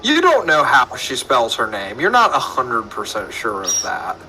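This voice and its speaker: A man's voice: mid-range voice, huge pitch swings, moderate pace, pushed and bright, low-quality recording. A man taking part in a trivia quiz, teasing and arguing playfully in casual banter. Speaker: quiz contestant.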